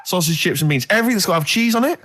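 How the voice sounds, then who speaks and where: A man's voice: high-pitched, animated, rapid-fire, very noisy. A man co-hosting a studio radio show, ranting in mocking exasperation about a friend's habits. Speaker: radio co-host. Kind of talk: unscripted radio comedy chat.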